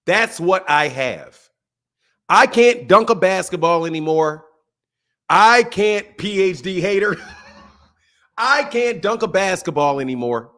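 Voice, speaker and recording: Profane animated man ranting. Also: high voice, slow pace, pauses often. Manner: profane, mocking, swings loud and soft. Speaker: boxing channel host. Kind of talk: ranting commentary.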